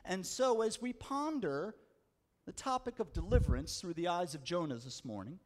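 A man preaching a sermon, telling a story with dramatic slowdowns and rising emphasis. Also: high-pitched, animated. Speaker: pastor.

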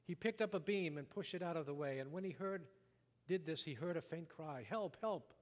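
A man preaching a sermon, telling a story dramatically, rising loud and dropping to a hush. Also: fairly high pitch, brisk. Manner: dramatic storytelling, wide swings from loud to hushed. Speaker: pastor. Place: church sanctuary. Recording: long reverb of a large hall.

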